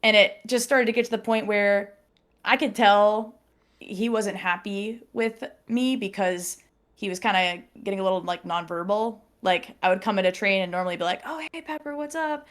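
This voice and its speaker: A young woman in casual chat, telling a personal story with lively acted-out quotes and frequent laughter. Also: medium pitch. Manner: animated storyteller, acts out quotes, laughs often. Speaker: podcast guest.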